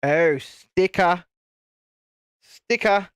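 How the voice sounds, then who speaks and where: A channel host with a high-sitting, clear, resonant voice speaks very slowly on a live stream, rambling casually and swearing now and then as he builds a set. The audio is clean studio sound with no room sound.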